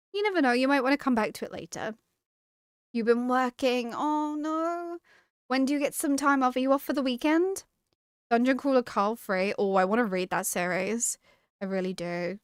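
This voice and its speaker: Brief: young woman, live-stream host, high voice, giggly and chatty, dry close sound. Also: no room sound. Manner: giggly, chatty, reads and greets the chat. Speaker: streamer hosting a book club. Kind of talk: casual live-stream chat.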